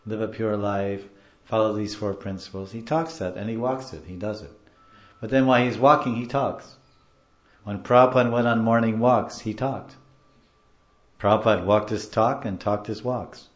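A man's voice: on the low side, roomy sound, highs cut off. A man giving a scripture class, explaining terms animatedly and repeating words as he teaches. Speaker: spiritual teacher.

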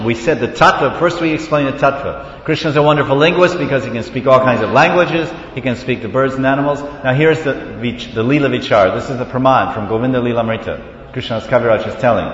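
A man giving a devotional scripture class, reading passages and retelling stories in an animated way. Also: slight background noise. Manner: storytelling, switches between reading and animated retelling. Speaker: lecturer on scripture. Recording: echoey hall, dull low-fi sound.

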